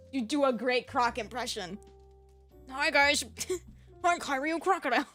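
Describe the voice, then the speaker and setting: A woman streamer chatting with her viewers in a fairly high, very bright voice. She projects from the diaphragm and puts lots of inflection into her talk, though her throat is sore. Soft music plays underneath. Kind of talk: casual chat with viewers.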